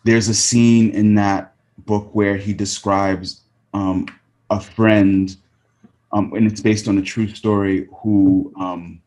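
A man as an interview guest, speaking thoughtfully with frequent pauses and ums. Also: lowish voice, a little mellow. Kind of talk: casual interview.

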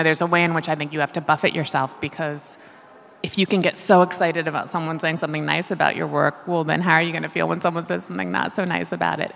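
Low-voiced woman author in an echoing hall. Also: creaky, fairly bright tone, slight background noise. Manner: thoughtful, laughs often. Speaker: author guest. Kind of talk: conversational interview. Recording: long reverb of a hall.

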